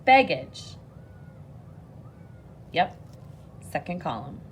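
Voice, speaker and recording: Slow, patient woman teacher. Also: on the low side, sing-song, slight background noise. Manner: patient, encouraging, slow and clear. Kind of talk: phonics lesson video.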